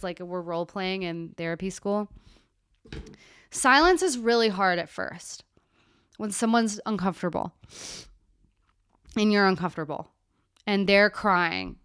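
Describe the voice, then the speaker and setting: A young woman and therapist chatting candidly on her live Q&A stream, with animated asides. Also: medium pitch, clear, resonant tone, dry recording, clean studio sound.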